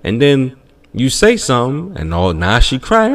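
A man co-hosting a podcast, telling a comedic story in casual chat and acting out other people's voices. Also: moderate pace. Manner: animated, acts out voices in shrieking high tones. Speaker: podcast co-host.

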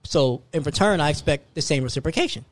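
A young man telling a story in casual chat, animated, laughing often and repeating himself. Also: a little high, fast talker.

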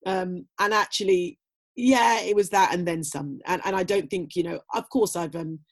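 Husky woman, reflective and chatty. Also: lowish voice, moderate pace. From Britain. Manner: reflective, lots of "you know" fillers. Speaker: guest, former athlete. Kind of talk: casual conversational interview.

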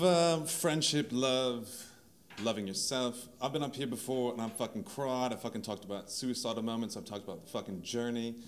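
A man speaking at an open mic, sweary and animated, swinging between quiet and shouting. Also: mid-range voice, reverberant. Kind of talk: impassioned open mic talk. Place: event venue with crowd. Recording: crowd noise in a live venue.

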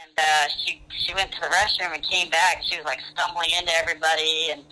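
A man's voice: a little high, flat delivery, fast talker, pushed and bright, rough recording. Rambling man telling a story by phone. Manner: rambling, lots of "I was like" and "uh". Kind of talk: casual storytelling.

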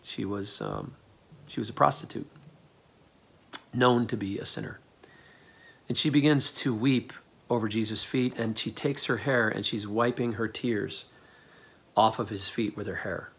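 A man preaching a sermon, telling a scripture story in a lively storytelling way and acting out the people in it. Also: on the low side, measured pace, gravelly, pauses often, husky. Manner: animated storytelling, acts out quoted voices. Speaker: pastor.

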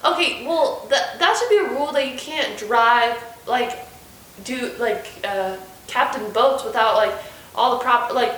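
A woman co-hosting a casual podcast chat, reacting playfully with quick quips. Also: on the high side, a bit bright, roomy sound, a little hiss or hum, poor audio. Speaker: podcast co-host.

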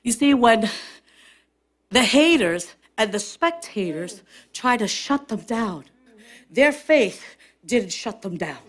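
A woman pastor preaching a sermon to her congregation, impassioned and building to shouted, repeated refrains. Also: fairly high pitch, very animated, slow pace, long pauses. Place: church service with responding congregation.

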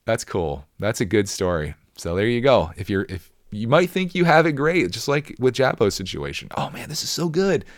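A man's voice: lowish voice, lively intonation, normal speed, hardly any pauses, no room sound, studio quality. A middle-aged man hosting a podcast, chatting enthusiastically and reading out listener comments. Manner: enthusiastic and chatty, many restarts. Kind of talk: casual chat.

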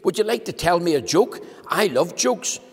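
A man's voice: sits high, animated, normal speed, breathy edge, big-room sound, pitched above the performer's own voice, full character voice. A man voicing a cheerful, joke-loving man from a children's story, asking eagerly.

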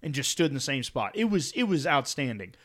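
A man's voice: mid-range voice, sing-song, fairly quick, a bit bright. Profane, rambling young man. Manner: rambling storyteller, profane, laughs at own stories. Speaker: podcast host. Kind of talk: casual chat.

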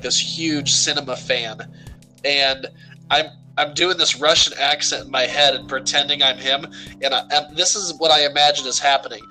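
A man in casual chat reviewing a movie, recapping scenes in an animated way. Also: medium pitch, poor audio.

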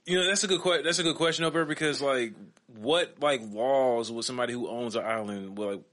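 A man co-hosting a casual podcast, talking at a middling pitch. He keeps breaking into laughter and trails off into fillers mid-sentence. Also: a bit bright. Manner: laughing, loose, halting with fillers. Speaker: podcast co-host. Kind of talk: casual chat.

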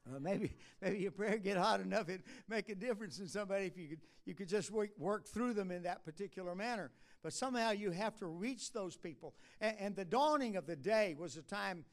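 A man preaching a sermon at a church conference, talking in a conversational way with halting restarts, rising to emphatic lines and dropping low and soft at asides. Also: expressive. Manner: halting restarts and drawn-out uh fillers.

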